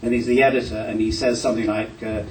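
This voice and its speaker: A man's voice: lowish voice, little pitch movement, quick pace. An older man from Glasgow, a guest actor on a convention panel, answering a question with self-deprecating humour and a few stammered restarts. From Glasgow, Scotland. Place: convention hall. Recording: echoey hall, distant mic, faint noise.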